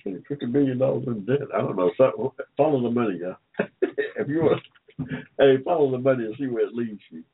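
A man's voice: medium pitch, expressive, a little fast, a little hiss or hum. An older man hosting an online talk show, chatting casually and joking with listeners, rambling and repeating himself. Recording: phone-like line.

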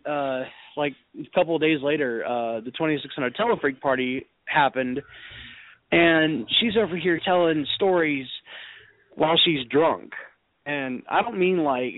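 Man, internet radio host, crude storyteller, slightly high voice, tinny call audio. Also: dry recording. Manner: profane, storytelling, laughs often.

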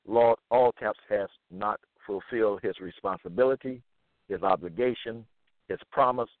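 A man reading scripture aloud and commenting on it in a slow, deliberate, repetitive way. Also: on the low side, no room sound. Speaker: monologue speaker. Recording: tinny phone-like line, dry.

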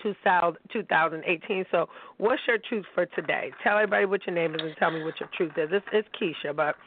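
A woman's voice: lowish voice, quick pace, slightly rough. A woman hosting a call-in show, talking bluntly and animatedly, with a lot of swearing. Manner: blunt, profane, animated storytelling. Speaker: podcast host. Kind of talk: casual call-in chat. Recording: tinny phone-line sound.

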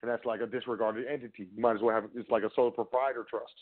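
A man's voice: medium pitch, fairly even intonation, rapid-fire. A man giving a rambling, casual lecture, often asking and answering his own questions and talking straight to the listener. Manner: rambling, rhetorical, talks to the listener directly. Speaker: trust law educator. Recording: phone-like narrow audio.

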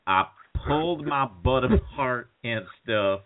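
A man's voice: medium pitch, expressive, slow pace, noisy background. A man doing an impression of a goofy young buddy pleading at a friend's sickbed, in a put-on drawl. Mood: rambling confession. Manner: pleading, rising to frantic yelps. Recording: phone-like call audio.

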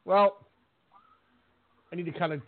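A man co-hosting a podcast in casual chat, laughing often and telling animated stories. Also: sits high, a little slow, no echo. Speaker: podcast co-host. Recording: tinny phone line, dry.

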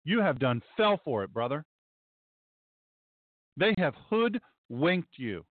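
A sarcastic male pastor hosts a commentary show, repeating himself for emphasis. His voice is high and swings widely. The audio is dry and narrow, like a phone line. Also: big pitch swings, takes it slowly, no echo. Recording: dry, tinny phone-like sound.

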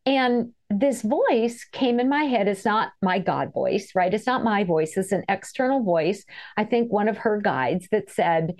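A middle-aged woman talks casually as a guest in an interview. Her voice rises and falls widely as she spins her stories, and she keeps an easy, chatty flow with bursts of laughter. Her pitch sits mid-range for a woman. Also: measured pace, hardly any pauses. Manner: animated, chatty, laughs while telling stories. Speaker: author and energy healer guest.

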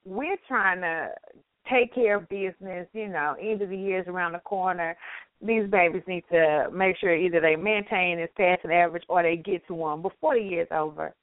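A woman co-hosting a casual talk show, a teacher telling a story with lively acted-out voices. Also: fairly low pitch, normal speed, no room sound. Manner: animated storytelling, acts out voices. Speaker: co-host. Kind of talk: casual radio chat. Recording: dry phone-line audio.

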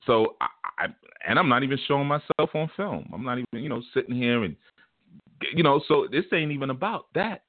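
A man hosting an online radio talk show, talking in an animated, emphatic way and repeating words as he starts his thoughts. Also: medium pitch, a little fast, no echo. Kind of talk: casual talk show monologue. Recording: dry, tinny phone line.

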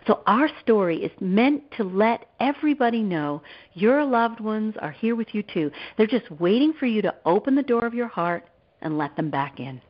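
A woman's voice: mid-range voice, animated, moderate pace. A woman guest author and therapist telling a personal story in an interview, acting out the voices of the people she quotes. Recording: dull lo-fi audio.

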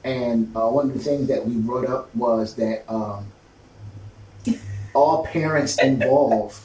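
A man hosting a casual talk show, speaking haltingly with many fillers and restarts. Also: mid-range voice, a little mellow. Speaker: host. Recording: roomy, distant mic, faint background noise.

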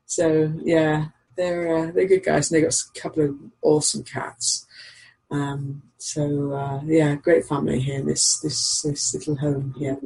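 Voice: mid-range voice, gravelly, warm tone, breathy edge, rough recording. A co-host chatting casually from home in an easygoing, rambling way with frequent chuckles. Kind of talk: casual call-in chat. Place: home with dogs nearby.

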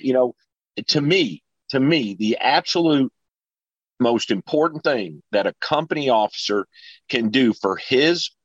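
A man's voice: mid-range voice, dry recording, muffled recording. A man speaking as a guest in a casual panel discussion, earnest and repeating words as he starts his sentences. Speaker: panel guest, fire officer.

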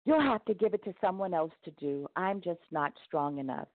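A woman's voice: fairly low pitch, animated, moderate pace, no echo. A woman voicing an earnest, emotional man hauling a heavy wagon in a storybook tale, pleading as he talks. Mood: distressed. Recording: tinny phone-like dry sound.

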